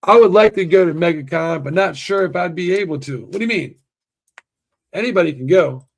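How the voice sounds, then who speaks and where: A man hosting a casual stream talks in a rough, gravelly voice that sits a little high for a man. He gets excited easily, swears freely and trips over his own restarts. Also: fast talker. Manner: profane and excitable, heavy restarts. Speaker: livestream host. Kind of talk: casual chat.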